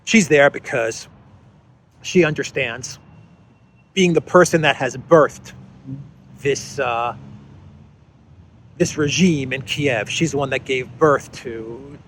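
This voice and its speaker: A man's voice: medium pitch, takes it slowly, pauses often, fairly bright tone, a little hiss or hum. A man hosting a casual news commentary, talking in a sarcastic, mocking way with frequent hesitations and fillers. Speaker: host of a political commentary channel.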